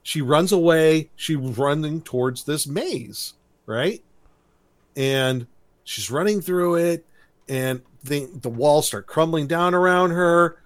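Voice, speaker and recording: A man's voice: fairly high pitch, slow. A man chatting casually on a podcast, retelling a cartoon episode with laughs and silly quoted voices. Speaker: podcast co-host recapping a cartoon. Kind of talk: casual chat.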